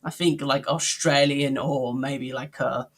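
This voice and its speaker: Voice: mid-range voice, steady tone, measured pace, slightly rough. A co-host in a casual cartoon review chat, hesitant and often searching for words. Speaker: podcast co-host.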